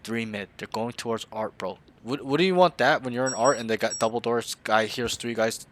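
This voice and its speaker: A man's voice: mid-range voice, fairly quick, slight background noise. A man coaching a player in a casual game review, blunt and slangy, often swearing.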